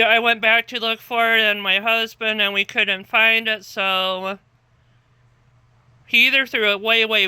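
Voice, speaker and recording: A woman telling a story to the camera in a calm, rambling way that circles back and repeats itself. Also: medium pitch, clean tone, dry recording. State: tired, half asleep. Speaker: vlogger.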